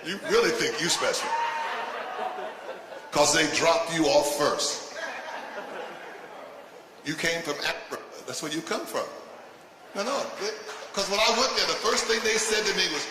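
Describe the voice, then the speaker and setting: An older man doing stand-up comedy with a provocative, punchy delivery that breaks into shouts. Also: high voice. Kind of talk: stand-up routine. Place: live comedy stage. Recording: echoey live venue from a distance with noise.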